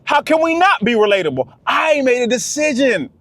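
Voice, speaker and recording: A man delivers a fired-up monologue to camera. His voice sits high for a man, and he hammers his points home again and again, calling out to his listeners as fellas. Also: animated, moderate pace, a bit bright, no echo. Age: 30s. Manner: preachy, repetitive, talks straight to "fellas". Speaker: vlogger.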